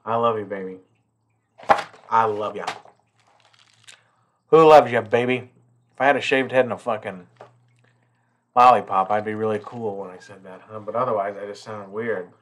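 A man's voice: lowish voice, steady tone, fairly quick, a bit bright, a little hiss or hum. Rambling, profane man unboxing toys. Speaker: toy collector vlogger. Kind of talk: casual unboxing chat.

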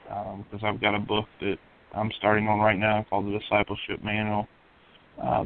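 A man talking earnestly and steadily as a guest on a radio show, with frequent ums. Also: lowish voice. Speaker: guest, addiction recovery outreach leader. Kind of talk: casual radio interview. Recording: lo-fi phone-like sound.

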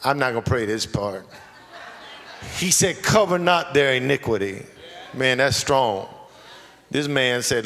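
A pastor preaching a sermon, moving between quiet asides and shouted lines, laughing along the way. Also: male voice, medium pitch, lively intonation, unhurried, gravelly, pauses often. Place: church sanctuary. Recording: long church hall reverb, faint ambience.

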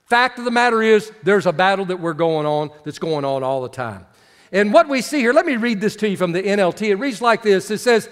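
A man's voice: sits high, animated, fairly quick, fairly bright tone. A man pastor preaching a sermon, reading scripture and calling out to his congregation. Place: church sanctuary. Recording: long reverb of a church hall.

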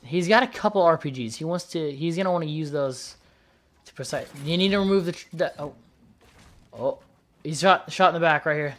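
A man giving casual, chatty commentary on gameplay, excitedly calling out moves and tossing in "dude" and "bro.". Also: a little high, fairly quick. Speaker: gaming YouTuber.

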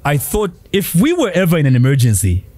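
Animated, lively-voiced man from Zambia. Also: a little fast, no room sound. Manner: animated, laughs often, bursts of high-pitched emphasis. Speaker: podcast co-host. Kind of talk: casual chat.

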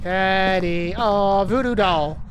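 A man's voice: high voice, a little hiss or hum. A man chatting casually and teasing his friend while they play a co-op horror game together. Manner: teasing, quick and animated. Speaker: gaming streamer.

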